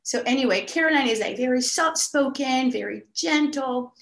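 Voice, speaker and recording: Chatty woman with a lively voice. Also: sits high, moderate pace, gravelly. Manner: animated storytelling with frequent "like" fillers. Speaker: podcast guest. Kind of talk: casual storytelling. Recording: echoey room.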